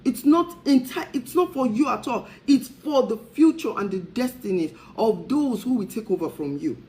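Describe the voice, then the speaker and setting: A woman's voice: fairly high pitch, expressive, normal speed, mellow, poor audio. A woman, a talk show host, speaking in an impassioned preaching style and firing off repeated rhetorical questions.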